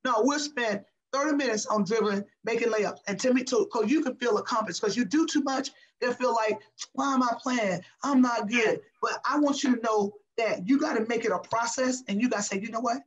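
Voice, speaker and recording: A woman's voice: on the high side, a little fast, few pauses, highs cut off. A middle-aged woman, a former basketball player, talking passionately and emphatically as a guest in an interview. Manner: passionate, emphatic, repeats herself. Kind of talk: casual interview talk.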